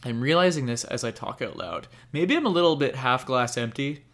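A man's voice: medium pitch, expressive, fairly quick, fairly bright tone. A young man co-hosting a casual podcast, rambling candidly and swearing now and then. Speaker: podcast co-host. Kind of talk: casual chat about anime.

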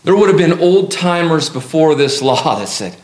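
A man preaching a sermon as a pastor, lively and humorous, with emphatic repetition. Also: fairly high pitch, moderate pace. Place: church sanctuary. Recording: echoey church hall.

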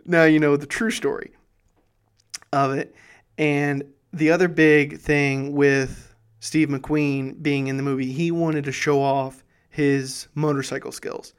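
A man's voice: a little high, little pitch movement, takes it slowly, smooth. A man hosting a history show, telling the story in a casual, enthusiastic way. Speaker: history podcast host.

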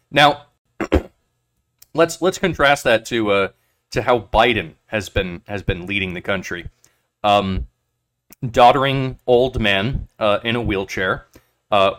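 A man in casual political podcast chat, talking haltingly with many fillers and restarts and frequent swearing. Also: medium pitch, a bit bright.

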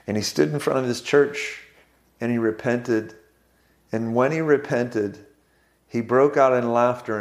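A man preaching, telling a story with frequent fillers and restarts. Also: medium pitch. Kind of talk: sermon testimony.

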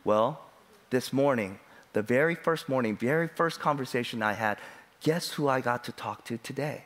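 A middle-aged male pastor preaching a sermon, moving between relaxed storytelling and emphatic, rising preaching. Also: medium pitch, normal speed. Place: church.

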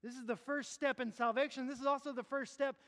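A man preaching a sermon as a pastor, impassioned, swinging between loud urging and low hushed appeals. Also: fairly even intonation, fast talker. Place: church sanctuary. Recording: long hall reverb.

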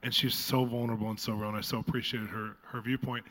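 Fast-talking, chatty male host. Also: fairly low pitch, level tone, fairly bright tone. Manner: enthusiastic, chatty. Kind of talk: hosting a live interview.

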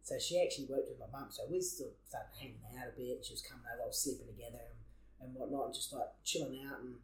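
A man's voice: medium pitch, fast talker, slight background noise. A young Australian man telling a long personal story in a casual podcast chat, rambling and swearing freely. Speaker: podcast co-host. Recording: echoey room.

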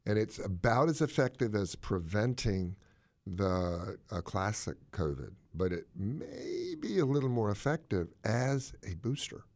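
A man co-hosting a casual chat, explaining health news in a jokey, animated way. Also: a little slow. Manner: animated, jokey, swoops up in pitch for emphasis.

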